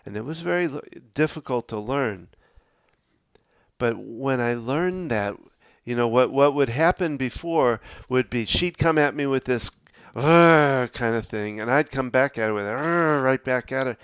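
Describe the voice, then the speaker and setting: Earnest middle-aged man, smooth dry voice. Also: mid-range voice, dry recording. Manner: halting, with frequent restarts and fillers; earnest, advice-giving. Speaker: podcast host. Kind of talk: reflective podcast talk.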